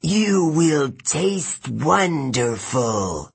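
Guy reading as a she-demon, breathy and slow, kinda purring and mocking, pitched up a bit. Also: very animated, exaggerated voice. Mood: menacing. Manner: taunting, drawn-out purr.

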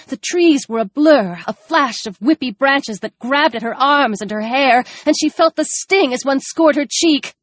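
A woman's voice: sits high, a bit bright, no room sound. Woman narrating an audiobook, dry close sound.

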